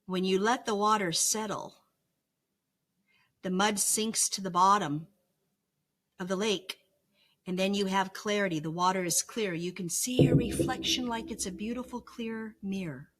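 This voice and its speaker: A woman's voice: medium pitch, measured pace. A middle-aged woman talking earnestly in a vlog, coaching with repeated phrases and frequent "right?" asides. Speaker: vlogger sharing her recovery lessons. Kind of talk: reflective, teaching vlog talk.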